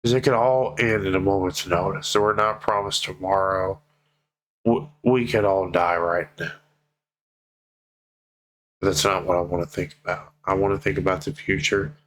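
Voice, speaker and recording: Deep-voiced man in a tearful vlog. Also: steady tone, fairly bright tone, poor audio. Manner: heartfelt, swears freely, slow pleading emphasis. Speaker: vlogger. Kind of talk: emotional personal vlog.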